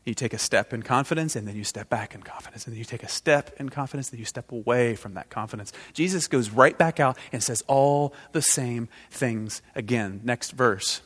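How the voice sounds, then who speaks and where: A man preaching a sermon, swinging from loud outbursts to hushed intensity. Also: mid-range voice, moderate pace, hardly any pauses, slightly rough. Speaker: pastor. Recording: long reverb of a large hall.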